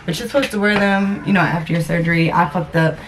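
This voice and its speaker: Casting: young woman, low-pitched for her age, blunt and profane, casual phone vlog with noise behind. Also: fairly even intonation, fast. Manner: blunt, cusses freely, groans in pain. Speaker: vlogger. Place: car, then indoors at home. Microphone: phone camera. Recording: noisy phone recording.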